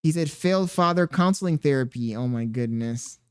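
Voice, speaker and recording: A man's voice: mid-range voice, expressive, normal speed, clean tone. A man streaming live, reading chat comments aloud and cooing at a baby in a playful, mock self-pitying way. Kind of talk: casual livestream chat.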